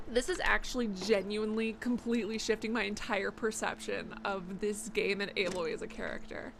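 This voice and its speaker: A woman's voice: mid-range voice, fairly even intonation, normal speed, vocal fry, few pauses, background noise. A woman streaming a video game, ranting in dramatic exasperation. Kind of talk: live game stream commentary.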